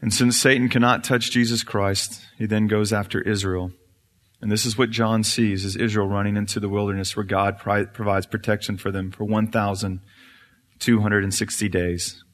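A man's voice: fairly low pitch, level tone, moderate pace, a bit bright. A male pastor preaching an earnest, explanatory sermon in a church. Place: church sanctuary. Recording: reverberant church hall.

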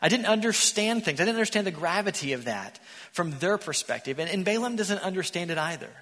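A man preaching a sermon in a church, an animated storyteller who acts out the characters. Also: high-pitched, a little fast. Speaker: pastor. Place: church sanctuary. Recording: echoey church hall.

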